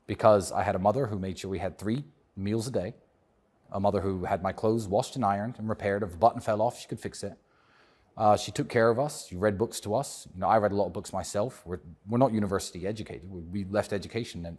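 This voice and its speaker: A man with a British accent, talking as a guest in an interview in a measured, reflective and outspoken way. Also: lowish voice, darkish tone, slightly rough. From England. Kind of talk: casual interview talk.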